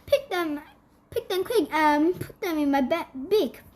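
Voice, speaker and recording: A woman's voice: very high-pitched, lively intonation, measured pace, a little mellow, slight background noise. A woman reading aloud, voicing an eager male pelican who whispers and hurries. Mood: urgent.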